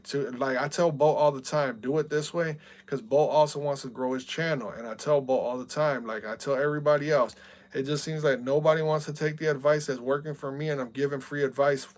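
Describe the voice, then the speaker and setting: A young man streaming and chatting casually, venting with heat and repeating "bro" and "man" a lot. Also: mid-range voice. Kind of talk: casual chat.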